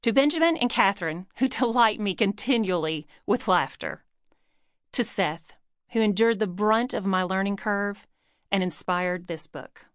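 A woman's voice: mid-range voice, a little slow, no echo. Middle-aged woman author, earnest audiobook read, dead-dry booth sound. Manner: earnest, personal storytelling. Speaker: author reading her own book. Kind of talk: audiobook narration.

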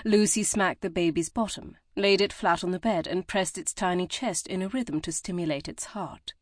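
Lowish-voiced woman reading an audiobook. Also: moderate pace, no echo, studio quality. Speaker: audiobook narrator. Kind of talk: scripted narration.

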